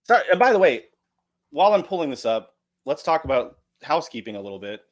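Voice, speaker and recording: An American man hosting a live stream, reading chat messages aloud in a relaxed, joking way. His voice rises and falls animatedly as he rambles on. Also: fairly high pitch, fast. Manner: lively, joking, chatty. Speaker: livestream host. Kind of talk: casual chat, reading donations.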